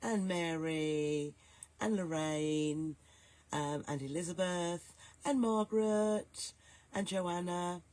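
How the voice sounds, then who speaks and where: A woman hosting a live stream, hoarse and gruff from a cold, chatting and greeting viewers by name. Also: on the low side, takes it slowly, no echo. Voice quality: soft, growly, gruff. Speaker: host.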